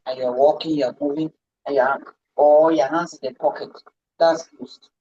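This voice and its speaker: A woman's voice: sits low, fairly even intonation, normal speed, dark tone, lo-fi sound. Emphatic woman coaching on a video call. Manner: emphatic, repeats key words. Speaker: public speaking coach. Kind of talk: live online lesson. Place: indoors, seated.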